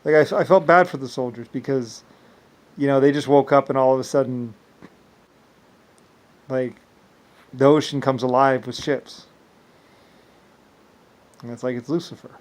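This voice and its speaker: A man with an ordinary mid-pitched voice talks straight through a loose, rambling monologue. He keeps stalling on repeated words and restarting his sentences, padded with fillers. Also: fairly even intonation, measured pace, long pauses. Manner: repetitive, stammering restarts; loose filler-heavy speech. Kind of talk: rambling first-person monologue.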